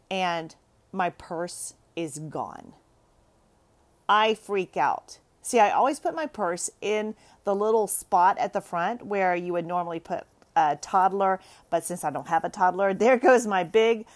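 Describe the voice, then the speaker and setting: A woman hosting a show for moms, chatting to the camera and telling a story in an expressive way, often laughing. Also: mid-range voice.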